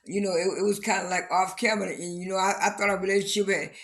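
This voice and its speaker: A man casually retelling a reality show episode, rambling and halting with lots of repeated fillers and restarts. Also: sits high, little pitch movement, fairly bright tone. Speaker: vlogger recapping a reality show. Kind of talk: casual spoken recap.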